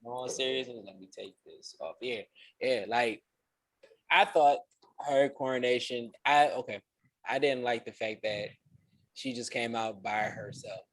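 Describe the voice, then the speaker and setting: Male co-host, relaxed rambling chat. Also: medium pitch, unhurried, dry recording, poor audio. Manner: loose and rambling, full of "like". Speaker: podcast co-host. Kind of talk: casual wrestling chat.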